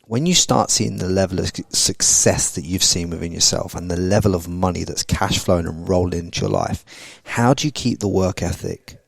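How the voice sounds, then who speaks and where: A very deep-voiced man hosts a podcast and pushes his points with intense, motivational drive. He swears casually as he talks. His voice is close and dry, with no echo at all. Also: normal speed, vocal fry, few pauses. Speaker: podcast host.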